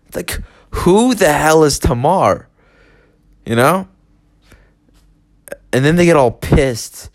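A man's voice: a little high, lively intonation, slow, long pauses. Rambling, irritable young man ranting. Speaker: podcast host. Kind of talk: solo ranting monologue.

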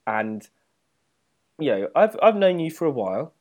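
A man's voice: fairly high pitch, big pitch swings, moderate pace, darkish tone. A man co-hosting a podcast in casual chat, teasing and dry, often laughing. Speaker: podcast co-host.

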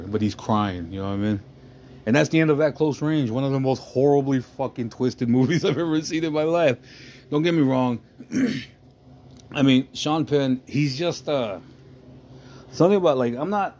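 A man's voice: mid-range voice, darkish tone, slight background noise. A man casually retelling a movie plot as a podcast host, rambling and swearing, often asking "you know what I mean".

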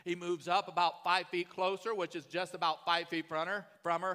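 Pastor, man, conversational preacher with a bright, strong voice, recorded in a reverberant sanctuary. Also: high voice, steady tone, moderate pace, smooth. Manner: conversational storytelling, often asks "right?". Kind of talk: sermon.

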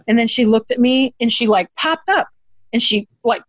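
An earnest woman recounts a deeply personal story as an interview guest. She talks through tears at moments and lifts her voice to quote others. The sound is close and dry, slightly dull. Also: normal speed, no room sound. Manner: earnest, tearful at moments, quoting others in a lifted voice.

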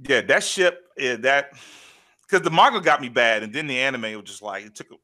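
A man's voice: medium pitch, fairly quick, pushed and bright. A man in casual podcast chat, animatedly retelling a story and acting out quotes. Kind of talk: casual chat recapping an anime.

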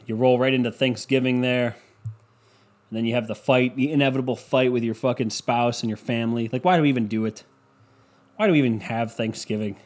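This man's mid-range, slightly mellow voice carries his casual solo podcast. He wanders from point to point, curses freely and keeps dropping "you know" into his speech.

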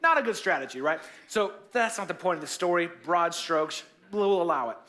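A man's voice: on the high side, lively intonation, normal speed, bright, forceful tone. A male pastor giving a sermon, telling a story in a casual, conversational way with joking asides.

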